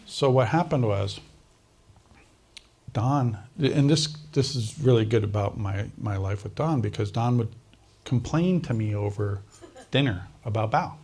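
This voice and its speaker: A man telling a lively personal anecdote. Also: lowish voice, a little slow, a little hiss or hum. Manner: animated anecdotal storyteller, mimics other speakers, laughs often. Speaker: interview guest. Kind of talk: storytelling in a recorded conversation.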